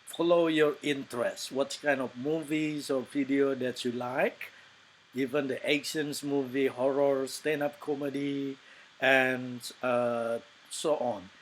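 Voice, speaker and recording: A man's voice: medium pitch, fairly even intonation, slow, a little hiss or hum, poor audio. A man from Indonesia with an Indonesian accent, giving casual English-learning tips to his channel's viewers, hesitant and full of fillers. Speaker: English teacher. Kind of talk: casual lesson tips to camera.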